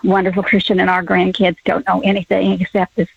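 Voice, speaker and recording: An older woman calling in to a radio show, telling a personal story with hesitant pauses and fillers. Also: mid-range voice, completely flat delivery, gravelly, slightly rough, no room sound. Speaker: caller. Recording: tinny phone line.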